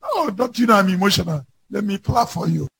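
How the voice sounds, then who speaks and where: A man's voice: high-pitched, sing-song, brisk, creaky, a bit bright, breathy edge, exaggerated voice. A man preaching who mimics a whiny, emotional woman churchgoer in a mocking way.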